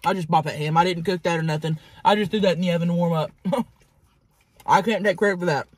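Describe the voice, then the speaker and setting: A woman vlogger telling a crude story in a fast, animated way while eating. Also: fairly low pitch, no echo.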